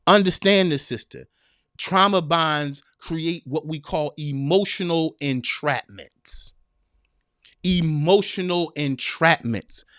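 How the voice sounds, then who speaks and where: A man's voice: on the high side, a bit bright, no room sound, studio quality. A man hosting a live advice podcast in a direct, preachy way, repeating phrases for emphasis. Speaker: podcast host. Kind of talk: live-streamed advice talk.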